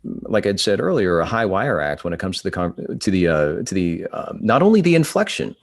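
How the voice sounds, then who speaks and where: Male panel guest, low register, very lively intonation, expressive. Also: brisk, vocal fry. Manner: animated and expressive, jokes in passing. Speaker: panel guest, describer and voiceover artist. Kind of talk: panel discussion on a live podcast.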